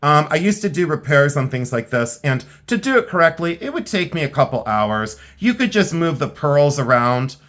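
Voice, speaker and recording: This middle-aged seller, weary and worn out, gives a casual, rambling preview of vintage jewelry, speaking plainly and candidly. He has a fairly bright, sing-song voice on the high side, talking at normal speed with few pauses.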